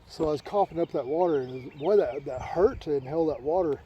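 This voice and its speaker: A man's voice: on the high side, brisk, dark tone, highs cut off, slight background noise. A man telling a childhood story in a casual, rambling way, repeating words and restarting often.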